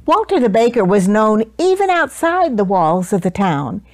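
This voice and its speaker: A woman reading a children's picture book aloud with expressive storytelling. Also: medium pitch, moderate pace, no room sound.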